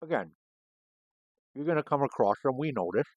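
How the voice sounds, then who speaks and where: A man's voice: medium pitch, expressive, normal speed, dry recording, highs cut off. A middle-aged man, a former homicide detective hosting a cigar show, telling a story in a casual, rambling and profane way.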